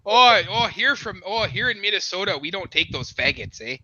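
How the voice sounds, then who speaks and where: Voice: mid-range voice, sing-song, moderate pace, dull audio. A stream guest joking in a put-on Canadian accent, swearing and laughing in casual banter. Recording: loud background noise.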